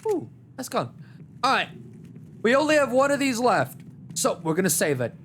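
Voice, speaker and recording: At a normal speed, a gaming streamer narrates his live gameplay with animated, joking trash talk aimed at enemies, his pitch swinging a lot. A little hiss or hum sits under the recording.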